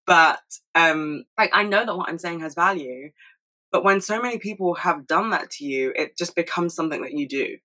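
A woman talking fast and candidly to her camera at home, swearing freely in a casual solo monologue. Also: lowish voice, bright, forceful tone, low-quality recording. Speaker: solo video host.

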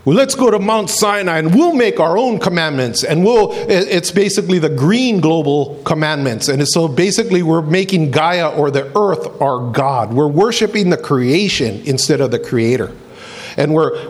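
A man preaching a sermon in an animated way, repeating phrases and acting out quoted voices. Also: fairly high pitch. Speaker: pastor.

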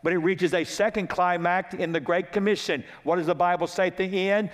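A man delivers an expository sermon from the pulpit, his voice sitting rather high for a man. He moves methodically through chapter-and-verse references and restates his main lines for emphasis. The sound carries a long reverberant tail from a church sanctuary. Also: steady tone, a little fast. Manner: repeats key lines for emphasis. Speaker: pastor.

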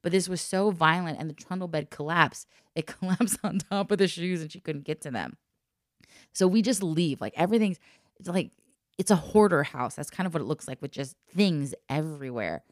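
A woman telling a personal story in casual chat, lively and laughing often as she acts out the voices of the people in it. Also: sits low, moderate pace, no room sound, studio quality.

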